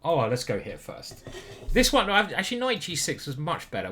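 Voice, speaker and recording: A young British man commentating on his own online chess games, playful and profane, switching between loud whoops and muttered asides. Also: fairly high pitch, wildly swooping pitch, moderate pace, a little hiss or hum. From Britain. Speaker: chess grandmaster streamer.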